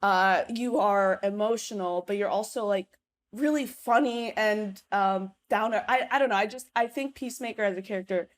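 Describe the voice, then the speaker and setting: A young woman from Manhattan co-hosting a podcast in a casual, excited, giggly way. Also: mid-range voice, normal speed. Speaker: podcast co-host. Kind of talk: casual chat.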